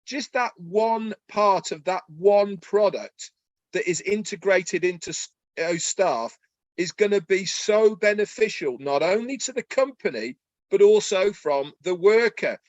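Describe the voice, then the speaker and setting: A man co-hosting a webinar, talking excitedly in a folksy way and asking rhetorical questions. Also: high-pitched, measured pace, dry recording, dull audio. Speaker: webinar co-host. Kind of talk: enthusiastic promotional webinar talk.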